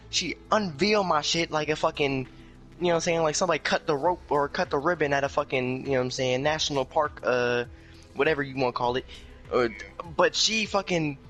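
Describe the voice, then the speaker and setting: A young man spins a casual story with loads of profane slang, his voice bright and cutting. He talks a touch high and leaps way up when he quotes himself. Faint music plays underneath. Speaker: storyteller guest.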